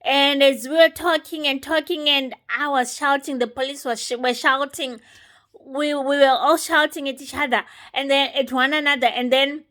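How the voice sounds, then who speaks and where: A woman giving an unscripted personal testimony, retelling events step by step in a halting way. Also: sits high, fairly even intonation, pushed and bright. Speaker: testimony speaker.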